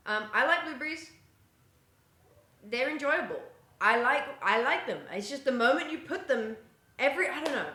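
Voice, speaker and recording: A bright, sharp-toned young woman with a slightly high voice chats away to her stream chat as she bakes. She talks casually and keeps drifting off from the mic. The kitchen sounds echoey, with a faint hum of room noise behind her. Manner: chatty, talks to chat while moving around the kitchen. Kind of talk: casual live-stream chat while baking. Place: home kitchen. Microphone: streaming setup, often walks away from the mic.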